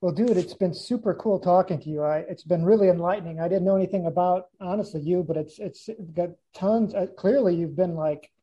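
Casual podcast host, easygoing, husky tone. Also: medium pitch, brisk, hardly any pauses, dark tone, highs cut off. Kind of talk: casual interview chat.

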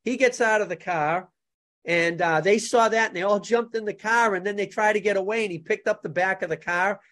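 A man's voice: high voice, brisk, a bit bright. A man, a jujutsu instructor telling funny stories in a casual podcast chat. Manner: jokey storyteller, laughs at his own stories.

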